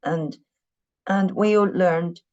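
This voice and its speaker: Slow, patient woman teacher. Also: on the low side, mellow. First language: Mandarin Chinese. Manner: patient, repeats each point, many "you know" fillers. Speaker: Mandarin teacher. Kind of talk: classroom lesson explaining tones. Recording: dull lo-fi recording.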